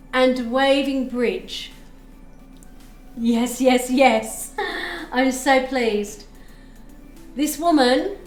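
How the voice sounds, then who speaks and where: A woman giving a live tarot reading on stream, chatting with viewers and thanking them as she explains the cards. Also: high voice. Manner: chatty, reads chat aloud, thanks viewers. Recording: echoey room with faint music.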